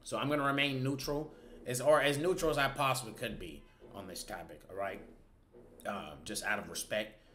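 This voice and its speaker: Very bright-voiced hype commentary host. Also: male voice, mid-range voice, steady tone, moderate pace, slight background noise. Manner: hypes up the audience, tags lines with "okay?". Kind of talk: casual reaction commentary.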